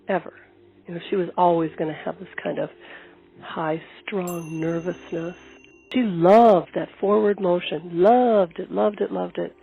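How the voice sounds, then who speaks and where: Older woman, husky voice, phone-like tinny sound, documentary storytelling. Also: on the low side. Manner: animated storytelling with repeated phrases. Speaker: long-distance horseback rider.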